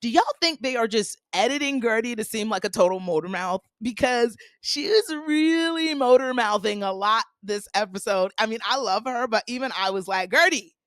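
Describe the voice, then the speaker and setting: A woman's voice: a little high, normal speed, hardly any pauses, no room sound, clean studio sound. A woman hosting a podcast, recapping reality TV in a sassy, casual gossip style. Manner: sassy, animated, acts out quotes in put-on voices.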